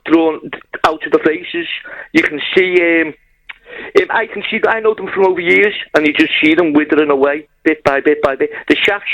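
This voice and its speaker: A man calling in to a radio show, telling his story in a blunt, heartfelt way over a phone line. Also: a little high. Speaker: caller. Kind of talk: phone-in call.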